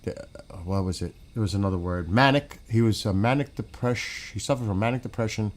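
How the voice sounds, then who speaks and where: A man's voice: lowish voice, a little fast. A man on a gaming stream in casual chat. He talks bluntly and swears a lot, rambles and restarts his sentences, and often drifts away from the mic.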